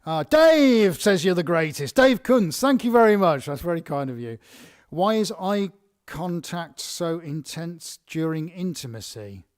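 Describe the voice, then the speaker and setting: A man's voice: a little high, sing-song, measured pace, no echo, clean studio sound. A man with an English accent hosting a casual live Q&A, reading viewer questions aloud and answering with chatty fillers and restarts.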